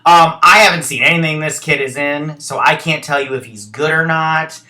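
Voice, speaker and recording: Bright-voiced man hosting a chatty vlog. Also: fairly high pitch, normal speed. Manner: chatty and blunt, with fillers and asides. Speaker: host. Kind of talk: casual news reaction vlog.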